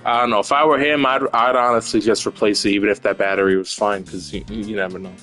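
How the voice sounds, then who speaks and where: A man's voice: fairly low pitch, steady tone, fast talker, pushed and bright, faint music behind. A male streamer chatting casually while playing a game, rambling and swearing freely. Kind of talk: casual gaming stream chat.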